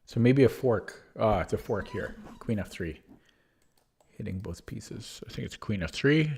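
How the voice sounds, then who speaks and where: Guy with a husky strained voice talking through chess moves, lots of um and wait, a bit low. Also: expressive, darkish tone. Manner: muttering, self-correcting, quick laughs. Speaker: chess streamer. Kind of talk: thinking aloud while solving puzzles.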